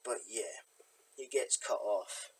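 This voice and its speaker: A man's voice: on the low side, takes it slowly, slight background noise, low-quality recording. A man casually retelling a film's plot in a review, rambling with fillers and side remarks. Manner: rambling, many fillers and asides. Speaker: film reviewer. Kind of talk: casual spoken film recap.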